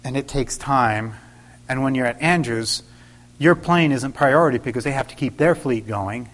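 A middle-aged man preaching, telling a personal story and acting out the dialogue with sudden loud bursts. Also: mid-range voice, normal speed. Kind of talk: sermon storytelling.

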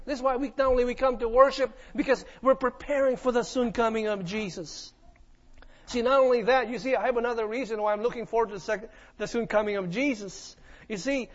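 Male pastor, very high voice, dramatic sermon storyteller, muffled church recording. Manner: preaching with call-and-response questions and dramatic retelling.

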